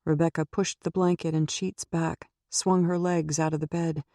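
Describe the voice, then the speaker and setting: A woman narrates a suspense novel in a steady, measured voice. Her tone is low and mellow. The close mic gives a dry sound with no room around it. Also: no echo. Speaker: audiobook narrator. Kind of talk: scripted audiobook narration.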